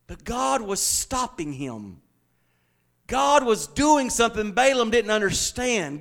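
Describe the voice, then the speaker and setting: A man's voice: extremely high pitch, sing-song, slow, creaky, a bit bright. A man preaching a sermon, reading scripture and building fervently into proclamations. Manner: reads scripture aloud.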